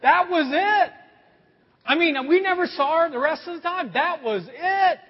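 A man's voice: very high-pitched, measured pace, in a large hall, highs cut off. A man preaching a sermon, telling stories in a conversational way and asking the audience questions. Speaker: pastor.

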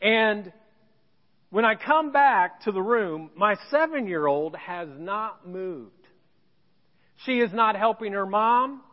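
A pastor telling a personal story in a sermon, with self-deprecating humor. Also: male voice, sits high, lively intonation, slow pace, in a large hall, lo-fi sound. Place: church sanctuary.

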